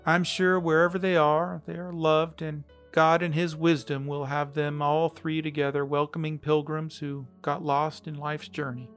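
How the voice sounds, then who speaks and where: A man narrating a story read from a letter, steady and reflective. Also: fairly high pitch, normal speed, hardly any pauses, faint music behind.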